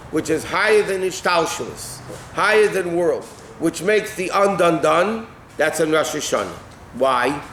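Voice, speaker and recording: Rabbi teaching a class in an echoey room. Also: male voice, a little high, a bit bright. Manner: explains phrase by phrase, translating as he goes, with asides like "right?" and "okay?". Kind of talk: text-based Torah class. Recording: echoey room with faint ambient noise.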